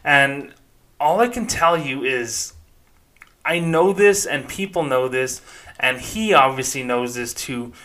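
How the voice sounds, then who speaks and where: A man's voice: mid-range voice, lively intonation, slow, bright, forceful tone. A man hosting an opinionated commentary podcast, talking in a blunt, sarcastic and outspoken way. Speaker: podcast host.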